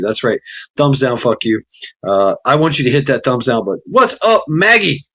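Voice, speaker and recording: A man's voice: mid-range voice, sing-song, a little fast, fairly bright tone, breathy edge. A tired man hosting a casual livestream, rambling and swearing as he greets chatters by name. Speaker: livestream host.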